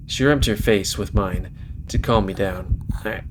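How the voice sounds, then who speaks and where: A man's voice: lowish voice, unhurried, noisy background. A man hosting a let's play, reading a visual novel aloud dramatically and then chatting casually.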